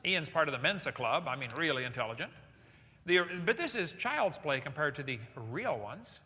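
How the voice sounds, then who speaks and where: A man's voice: on the high side, very animated, normal speed, bright, forceful tone. A man giving a live seminar lecture to an audience, firing off rhetorical questions with joking asides. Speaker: seminar speaker. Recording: echoey hall with long reverb.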